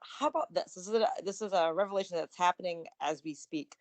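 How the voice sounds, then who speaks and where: A woman's voice: fairly low pitch, fast. A woman co-hosting a wrestling podcast in casual chat, often laughing and trailing off mid-thought. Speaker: podcast co-host.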